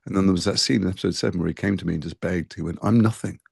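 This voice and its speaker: A man being interviewed about a role he played, talking quickly in a conversational way with frequent restarts. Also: deep voice, little pitch movement, creaky, slightly rough, no room sound, studio quality. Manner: talks fast with frequent restarts and fillers. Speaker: actor interviewed as guest.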